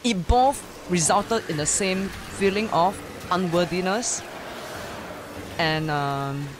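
A man in his late thirties with an Asian-accented English, talking earnestly and haltingly in casual chat, often restarting his sentences. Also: high voice, noisy background. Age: 30s. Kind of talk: casual chat between gamers.

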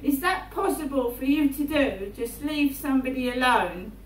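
A woman, rambling through a personal monologue in her flat and often checking in with "right?". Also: sits high, normal speed. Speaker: vlogger. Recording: roomy, distant mic, faint hum.

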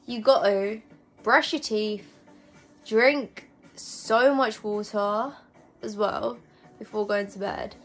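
A woman's voice: mid-range voice, fairly even intonation, takes it slowly, long pauses. A young woman vlogging while drunk, chatting loosely and swearing as she does her makeup. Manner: loose, giggly and rambling, swears casually. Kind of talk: casual chat while doing makeup.

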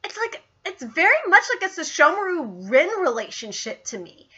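Gushing, excitable sick woman streamer. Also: sits high, moderate pace, lo-fi sound. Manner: gushing, excitable, squeals over scenes. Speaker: manga reaction streamer. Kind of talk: live reaction, casual chat.

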